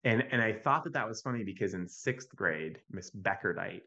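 A man with a fairly low voice tells stories on a podcast. He sounds animated and conversational and keeps checking in with a quick "right?". The audio is dull and a little lo-fi. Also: creaky. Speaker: podcast guest, youth mental health advocate. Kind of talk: conversational storytelling.

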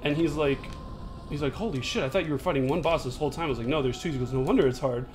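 A young man co-hosting a gaming video, telling stories with lots of swearing and loud laughter. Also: medium pitch, very fast, soft background music. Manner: profane, storytelling, loud laughing outbursts. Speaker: gaming co-host. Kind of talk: casual gaming chat.

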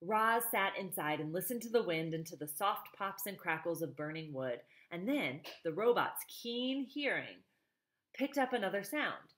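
A woman's voice: lowish voice, lively intonation, moderate pace, fairly bright tone. A woman reading a novel aloud, stopping for chatty asides to her listeners. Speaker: reader.

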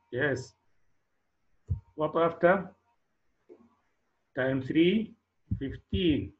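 Guy teaching kids math, talks real slow, keeps saying very good, kinda muffled lo-fi audio. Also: mid-range voice. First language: Arabic. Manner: slow, encouraging, repeats praise, non-native English phrasing. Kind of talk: classroom math lesson.

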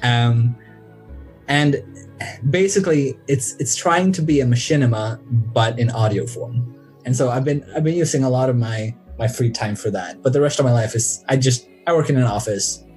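A man's voice: mid-range voice, normal speed, a little mellow, soft background music. Modest man, interview guest. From Sweden. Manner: modest and self-deprecating, with nervous laughs. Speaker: podcast guest. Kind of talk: casual interview chat.

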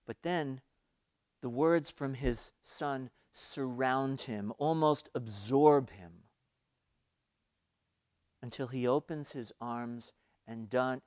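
Man pastor giving a sermon, slow and earnest, tells a story, dry sound. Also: medium pitch, dry recording. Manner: earnest, storytelling, swells then drops quiet. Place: church service recorded for online worship.

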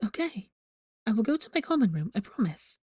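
A woman's voice: sits high, wildly swooping pitch, moderate pace, breathy edge, dry recording, studio quality, pitched above the performer's own voice, heavily acted. A woman voicing a worried, insistent teenage girl student who presses with anxious questions.

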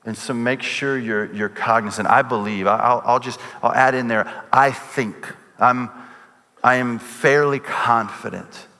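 A male pastor preaching a sermon. He tells a personal story in an animated way and acts out the voices in it. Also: mid-range voice, measured pace. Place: church sanctuary. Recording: long reverb with loud music behind.

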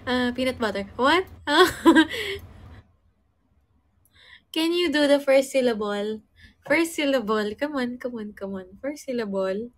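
A woman's voice: sits high, a little slow, pauses often. A woman co-hosting a livestream, playing a word-guessing game playfully and laughing often. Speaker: livestream co-host.

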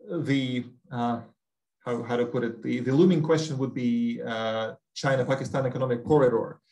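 A man's voice: mid-range voice, darkish tone, poor audio. A man with a Russian accent answering an audience question in an academic talk, hesitant, with many fillers and restarts. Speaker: guest speaker.

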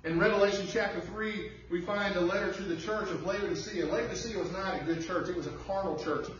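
High-voiced preacher in an echoey church. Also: male voice, fairly even intonation, fairly quick. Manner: emphatic preaching with rhetorical questions. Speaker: pastor. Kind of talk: sermon. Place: church sanctuary. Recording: distant, muffled, very echoey room.

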